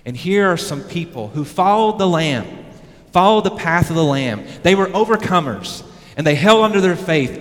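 A male pastor preaching a sermon emphatically, his voice swinging from loud peaks down to low, quiet lines. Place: church sanctuary. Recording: long reverb of a church hall.

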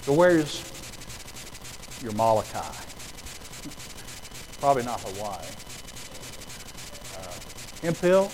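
A preacher delivers his sermon in a church auditorium. His voice sits at a middle pitch and swings between hushed storytelling and loud, emphatic calls to the crowd. Faint noise runs under the recording. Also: very animated, takes it slowly, long pauses, low-quality recording.

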